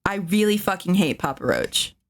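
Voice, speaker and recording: A woman's voice: lowish voice, big pitch swings, normal speed. A young adult woman streamer chatting casually with her live chat, rambling and sarcastic, swearing a lot.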